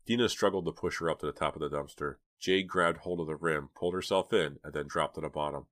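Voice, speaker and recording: A man narrating a novel in a steady, even storytelling manner. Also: extremely low pitch, quick pace. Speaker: audiobook narrator. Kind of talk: scripted narration.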